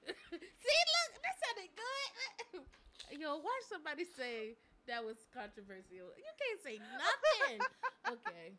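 An American woman co-hosting a live talk show, joking loudly and laughing often. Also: high-pitched, huge pitch swings, slow, noisy background. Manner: loud, laughing, joking, with playful bursts. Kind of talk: casual chat.

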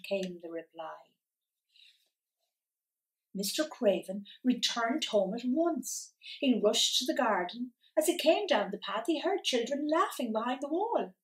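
A woman storyteller reading a picture book aloud for children, in an animated, expressive way. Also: fairly high pitch, measured pace. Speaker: library storyteller. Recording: voice from a distance.

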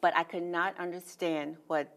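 Woman in her 60s, slightly low voice, plainspoken storyteller, interview guest. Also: steady tone, moderate pace. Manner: plainspoken, anecdotal, acts out quoted speech. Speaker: guest poet.

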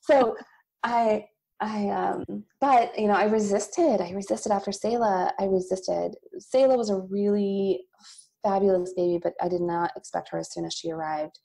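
A woman in her thirties, a company founder and podcast guest, telling a candid personal story with bursts of laughter and animated asides. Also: mid-range voice, normal speed, gravelly. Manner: emotional, laughs often, quotes God in animated asides.

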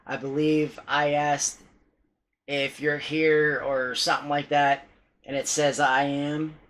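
A man's voice: a little high, flat delivery, takes it slowly, fairly bright tone, rough recording. A man vlogging casually about paranormal recordings, rambling and hesitant, with many restarts and some swearing. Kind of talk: casual vlog talk.

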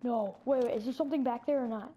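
With a warm, slightly high voice and a quick pace, a woman plays a scary game as if acting out a movie, improvising narration and reacting breathlessly with plenty of exclamations. There is slight background noise.

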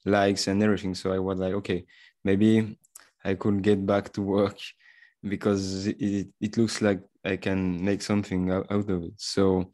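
A man from France with a French accent, speaking English as a guest in an online interview about his channel. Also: deep voice. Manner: unhurried and flat, with fillers. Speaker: language content creator, guest. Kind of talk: online panel interview answers.

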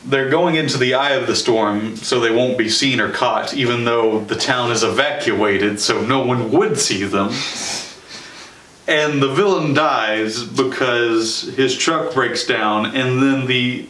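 Young male host, sarcastic casual reviewer, mid pitch, distant echoey mic. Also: fairly bright tone. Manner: sarcastic, chatty, quick asides with laughs. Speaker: show host and movie reviewer. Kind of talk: casual spoken movie review. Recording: roomy sound from a distance.

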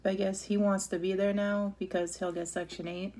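A woman's voice: medium pitch, flat delivery, brisk, a little mellow. A middle-aged woman vlogger rambling casually in an eating-show chat, chatty and emotional.

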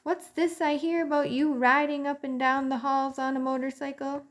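A woman voicing a tactless, blustering uncle mouse, loud and hearty, in a storybook reading. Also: high-pitched, little pitch movement, normal speed, voice pushed up, lightly acted.

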